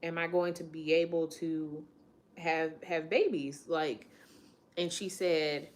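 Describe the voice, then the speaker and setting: Late-20s woman with a low voice, telling her own story candidly on a vlog, quotes what people said to her. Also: steady tone, normal speed. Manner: candid, emotional, quotes others in conversation. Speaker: vlogger.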